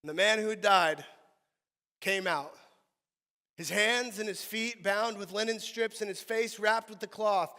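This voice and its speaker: Brief: male pastor, high voice, animated sermon, echoing sanctuary. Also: unhurried. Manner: animated preaching, swinging from soft to loud. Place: church sanctuary.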